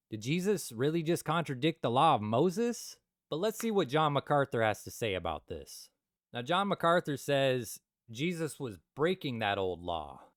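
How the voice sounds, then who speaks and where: A young man hosting a comedic Bible commentary, joking with loud asides and quiet mutters. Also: medium pitch, dry recording, studio quality. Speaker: Christian video host.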